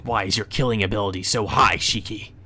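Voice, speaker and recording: A man's voice: fairly low pitch, steady tone, brisk, sharp tone. A man reading a visual novel aloud, voicing a vengeful, resentful young man in a bitter, accusing, cold manner.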